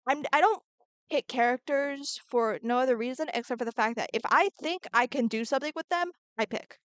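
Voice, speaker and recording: A woman's voice: high voice, fairly quick, dry recording. Bubbly woman chatting while she draws. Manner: bubbly, chatty, reads and answers chat, mutters while drawing. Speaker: art streamer. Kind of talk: casual live-stream chat while drawing.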